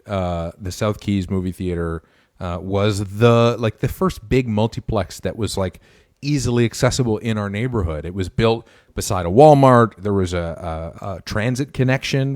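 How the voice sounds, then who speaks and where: A young man from Canada co-hosts a podcast in relaxed chat, now and then reading viewer comments aloud. His voice sits low, and the sound is dry and close with no room. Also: moderate pace, no echo. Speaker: podcast co-host. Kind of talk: casual chat with live chat readers.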